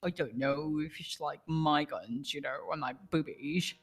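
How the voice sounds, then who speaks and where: A woman's voice: deep voice, unhurried, husky. A woman chatting in character during a game roleplay, playful and teasing, with mock-posh lines. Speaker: roleplay player.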